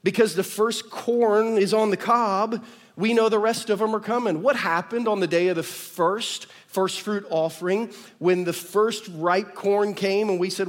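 A man's voice: high-pitched, moderate pace. Man preaching in a reverberant church hall. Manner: emphatic preaching, big swings from loud declarations to soft asides. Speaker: pastor. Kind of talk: sermon. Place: church auditorium.

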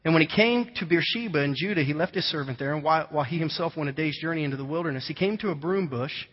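A man preaches in a casual, storytelling way, his voice sitting a little high for a man. He is recorded in a large church hall with a long reverb trailing his words. The sound is dull and lo-fi. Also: fast, slightly rough. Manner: conversational storytelling, animated imitations of children. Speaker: pastor. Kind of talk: sermon.

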